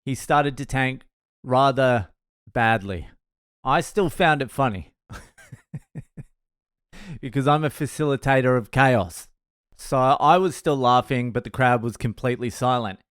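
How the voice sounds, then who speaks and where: A man's voice: mid-range voice, a little slow, pauses often, fairly bright tone, smooth, dry recording, studio quality. A man with an Australian accent, a comedian telling a crude, laid-back story. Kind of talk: storytelling podcast.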